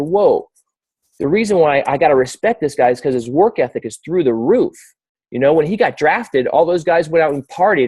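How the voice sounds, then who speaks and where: A man's voice: a little high, darkish tone, no room sound. A man hosting a weekly team video call, giving an earnest, rambling motivational talk full of restarts and fillers.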